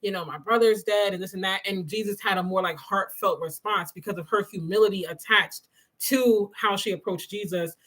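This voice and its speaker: Woman doing a chill morning faith livestream, bright voice, chatty and animated, lots of y'all and you know. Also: medium pitch, moderate pace, poor audio. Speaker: host of a morning devotional livestream. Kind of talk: casual faith talk, reading live comments.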